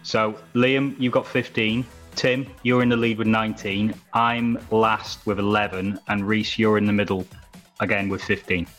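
A man co-hosting a casual football podcast, reading out scores in a measured way. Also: fairly low pitch, level tone, a bit bright, soft background music. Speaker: podcast co-host.

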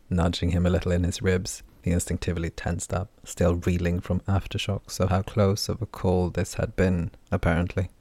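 A man narrating a fantasy audiobook in a calm, even storytelling manner. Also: deep voice, vocal fry, no echo.

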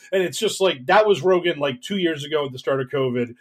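Rambling man with a slightly high voice. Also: fast, hardly any pauses, slightly rough. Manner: rambling, many fillers, mocking quoted voices. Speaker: podcast co-host. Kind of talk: casual political chat.

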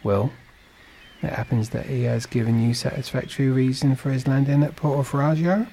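A man's voice: mid-range voice, fairly even intonation, fairly quick, warm tone, a little hiss or hum, voice pushed up, lightly acted. A man reading a storybook and voicing a sly, envious supercargo with an insinuating manner. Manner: insinuating, scheming.

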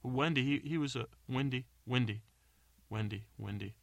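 A man's voice: medium pitch, moderate pace, creaky, no echo. A man hosting a podcast, telling a meandering bedtime story and correcting himself as he goes. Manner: meandering, self-correcting, unsure asides. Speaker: podcast host. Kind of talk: rambling bedtime story narration.

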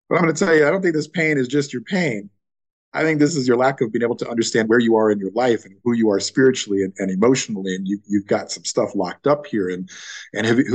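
A man who is a chiropractor, speaking as a podcast guest in a casual conversation, emphatic and passionate, often repeating words as he builds a point. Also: lowish voice.

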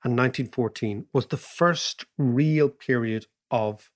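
A man, co-hosting a podcast, telling stories and explaining economics in an animated way, laughing as he goes. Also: mid-range voice, measured pace. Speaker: podcast co-host. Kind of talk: casual storytelling and economics chat.

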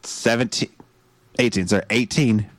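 A man's voice: on the low side, fairly even intonation, normal speed, no room sound. A man playing a tabletop game, cracking jokes and laughing at the table. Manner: jokey, laughing banter. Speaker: player.

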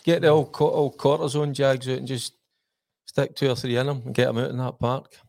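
A man's voice: mid-range voice, flat delivery, fairly quick, gravelly, darkish tone, dry recording, studio quality. Earnest Scottish man talking football. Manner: earnest, thinking aloud with fillers. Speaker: football pundit. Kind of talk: casual football chat.

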